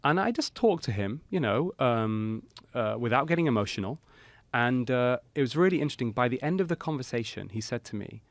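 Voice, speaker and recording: A middle-aged man, a cardiologist guest on a podcast, tells a story in an animated way, with many "you know" fillers. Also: medium pitch, brisk, no room sound.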